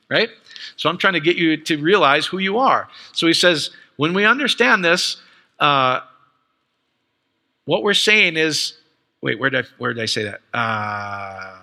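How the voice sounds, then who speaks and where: A man preaching a casual, excited teaching sermon, quoting others and asking his listeners questions. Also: a little high, moderate pace, long reverb tail. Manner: animated, excited, conversational, quotes others.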